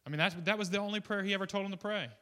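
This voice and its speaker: A man preaching a casual sermon in a bright, somewhat high voice. He rambles and restarts, drops into quiet asides, then jumps up into loud, excited bursts. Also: racing, smooth. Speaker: guest preacher. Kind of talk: informal sermon.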